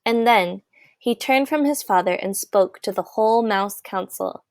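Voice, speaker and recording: Woman reading a kids' story aloud, slow and gentle, dry close sound. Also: mid-range voice, no echo. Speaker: audiobook reader. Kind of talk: storybook narration.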